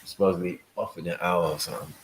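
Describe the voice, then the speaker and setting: A man's voice: low voice, fairly even intonation, fast, slight background noise, rough recording. A man hosting a livestream, joking and teasing in slangy casual banter. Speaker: livestream host.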